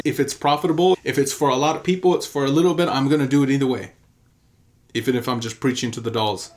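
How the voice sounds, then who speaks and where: With a medium-pitched voice, a man who is a pastor delivers earnest, emphatic teaching, telling a story and driving home key phrases by repeating them.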